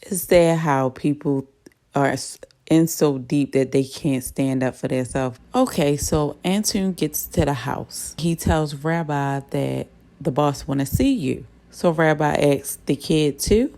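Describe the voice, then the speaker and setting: Low, warm-toned woman, casual TV recap, chatty, voices the dialogue. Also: a little slow. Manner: chatty, voices the characters' lines while retelling. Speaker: TV episode recapper. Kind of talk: casual plot retelling.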